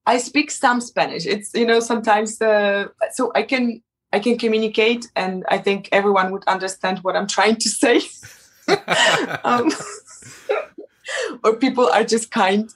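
A woman's voice: fairly high pitch, a little slow, breathy edge. A young woman, a native Polish speaker, talking in a casual interview with many restarts and fillers. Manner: hesitant, many restarts and fillers, laughs often. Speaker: interview guest, model.

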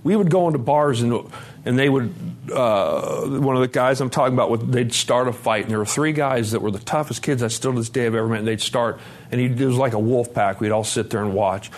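A man's voice: mid-range voice, brisk. Blunt middle-aged man sharing his story. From Montana, USA. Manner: candid storytelling, blunt with profanity, acts out dialogue. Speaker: recovery conference speaker. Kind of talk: personal testimony talk.

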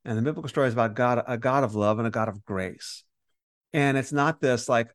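A man teaching through a passage of scripture in easy conversation, now and then dropping into quoted voices to make a point. His voice sits at an ordinary middle pitch and sounds close and dry, with no room around it. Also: brisk, dry recording. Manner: animated explainer, acts out quoted voices. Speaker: podcast co-host teaching on Romans.

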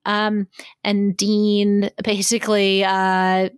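A woman's voice: mid-range voice, completely flat delivery, extremely slow, clear, resonant tone, no room sound, studio quality. A woman co-hosting a casual chat, animatedly retelling a story and quoting characters, swearing casually. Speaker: podcast co-host. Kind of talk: casual chat about fan fiction.

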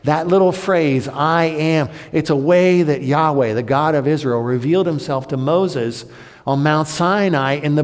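A male pastor preaching a sermon, dramatic, swinging between loud, high outbursts and hushed, low passages. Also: unhurried, clear, resonant tone. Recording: long hall reverb.

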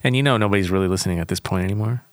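A man's voice: deep voice, racing. A man co-hosting a music podcast, chatting loosely and laughing easily. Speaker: podcast co-host. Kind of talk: casual chat.

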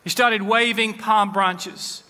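A man's voice: high-pitched, steady tone, slow pace, pushed and bright. A man preaching a sermon as pastor, with rising emphasis as he quotes scripture. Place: church. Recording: long hall reverb.

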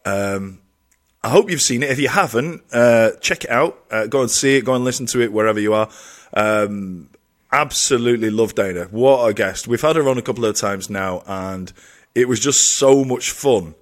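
A man's voice: mid-range voice, normal speed. An English man co-hosting a podcast, chatting and teasing his co-host in casual banter. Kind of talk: casual chat.

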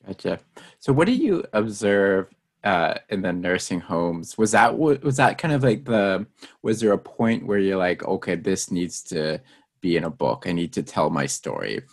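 Brief: male interviewer, very low and gravelly, lively intonation, relaxed questions. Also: normal speed. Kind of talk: interview conversation.

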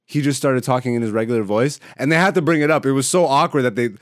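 A man co-hosting a podcast in casual chat, laughing loudly and often, swearing freely and telling animated stories. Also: medium pitch, fast talker, no room sound, studio quality. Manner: loud, frequent laughter, profane banter; animated storyteller. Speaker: podcast co-host.

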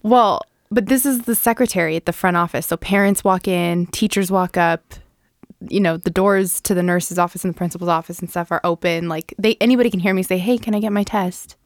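Podcast co-host, woman, lively storyteller with a lower voice, dry close mic. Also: fairly quick, no room sound. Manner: animated storyteller, laughs often. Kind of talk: casual chat.

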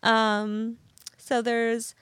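A woman's voice: fairly high pitch, monotone, extremely slow, a bit bright, clear, resonant tone, no echo. A woman co-hosting a casual podcast, telling stories in a giggly, rambling way. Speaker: podcast co-host. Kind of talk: casual chat.

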